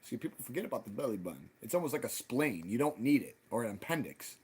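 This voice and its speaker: Husky-voiced man ranting profanely. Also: fast talker. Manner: animated, profane, swings loud and high when quoting people. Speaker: livestream host. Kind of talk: casual profane ranting monologue.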